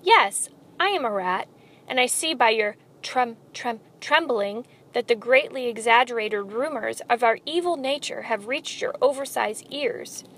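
A woman voicing a sly, smooth-talking male rat villain in a storybook reading, with a silky, theatrical delivery. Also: fairly high pitch, a little slow, fairly bright tone. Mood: scheming. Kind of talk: storybook read-aloud.

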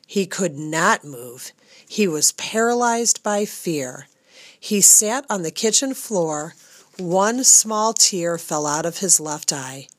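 A woman narrating a storybook in a measured way, sometimes addressing the reader directly. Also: on the low side, lively intonation, dry recording. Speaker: audiobook narrator.

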